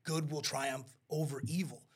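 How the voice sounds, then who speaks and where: A man chatting as an interview guest, animated and acting out quotes as he tells stories. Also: on the high side, moderate pace, slightly rough. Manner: animated storyteller, acts out quotes. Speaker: wrestling promoter guest. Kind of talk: casual interview chat.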